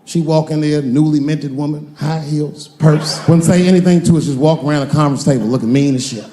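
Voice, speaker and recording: A man doing a stand-up comedy set on a big theater stage, telling stories and breaking into sudden shouted punchlines and acted-out voices. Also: on the high side, fairly even intonation, brisk, a little hiss or hum. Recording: roomy hall with long reverb.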